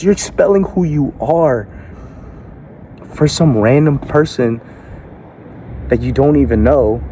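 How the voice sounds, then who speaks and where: Confrontational and profane, a man delivers a motivational speech packed with rhetorical questions aimed at the listener. His voice is slightly high with a dark tone, and a little hiss or hum sits in the background.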